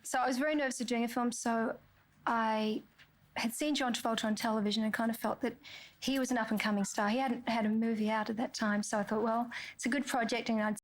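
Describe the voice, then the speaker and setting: A woman's voice: a little high, steady tone, quick pace, low-quality recording. A woman in her thirties with an Australian accent, answering interview questions in a chatty way and laughing easily. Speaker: interviewee, singer and actress.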